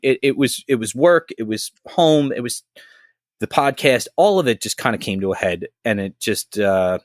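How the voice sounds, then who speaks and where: A man co-hosting a podcast, telling stories in a rambling, animated way, full of "like" and swearing. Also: mid-range voice, moderate pace, no room sound, studio quality. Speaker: podcast co-host. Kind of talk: casual podcast chat.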